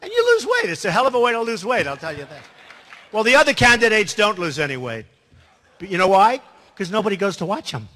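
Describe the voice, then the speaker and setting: A man's voice: sits high, very animated, quick pace, bright, forceful tone, a little hiss or hum. Boastful man speaking in a reverberant hall. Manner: rambling, boastful, conversational asides to the audience. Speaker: political candidate. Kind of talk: campaign speech. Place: large hall.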